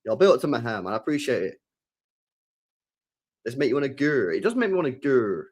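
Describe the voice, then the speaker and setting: A young man talks loosely into a headset on a live stream. He is slangy and unhurried, repeats himself, swears freely and answers chat questions as they come in. His voice sits at an ordinary middle pitch. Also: sing-song, a little mellow, breathy edge.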